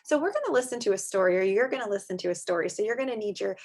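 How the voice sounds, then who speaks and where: A young adult woman teaching a small group of young children in a slow, sing-song manner with drawn-out words. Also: medium pitch, animated, darkish tone. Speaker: preschool teacher.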